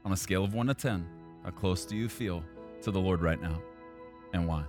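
A male pastor preaching a sermon, at times rising to loud, high-pitched intensity. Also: fairly quick, soft background music.

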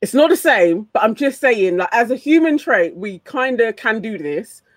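A woman's voice: a little high, very animated, moderate pace, no echo. Thoughtful woman, dry close sound. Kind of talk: casual chat.

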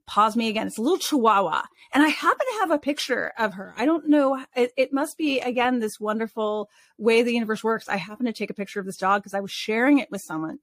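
Brief: expressive woman guest, higher voice, dry close sound, chatty storytelling with restarts. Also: no echo. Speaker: animal communicator guest. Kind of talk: casual storytelling interview.

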